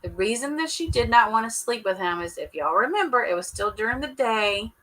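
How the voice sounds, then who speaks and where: A woman's voice: fairly high pitch, animated, brisk, a bit bright, poor audio. A woman hosting a casual live reaction chat, talking to viewers in a teasing, chatty way and laughing often. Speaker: show reaction host.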